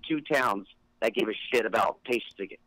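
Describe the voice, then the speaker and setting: A man's voice: on the low side, normal speed, bright, forceful tone, no echo, rough recording. A man with a Philadelphia accent hosting a podcast in a casual, rambling way, with lots of fillers and restarts. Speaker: podcast host.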